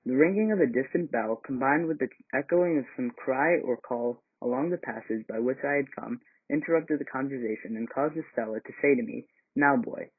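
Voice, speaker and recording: A man's voice: mid-range voice, husky. Man reading a novel aloud, tinny sound. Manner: measured reading with small slips and restarts. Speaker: volunteer reader.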